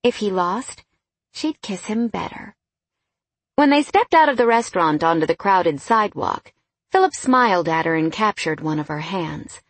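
A woman reading a novel aloud in an even, storytelling narration. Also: on the low side, a little slow, no echo. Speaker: audiobook narrator. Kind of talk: scripted narration.

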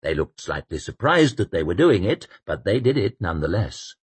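A male audiobook narrator telling the story in a measured, expressive read. His voice is fairly low and husky, with lively rises and falls. The recording is dry and close. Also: dry recording. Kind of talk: scripted narration.

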